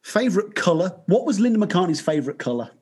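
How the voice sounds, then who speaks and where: A man's voice: high voice, very animated, quick pace, a little mellow, slightly rough. A man hosting a podcast, chatting casually, joking and teasing, with frequent laughter. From Birmingham, England. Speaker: podcast host.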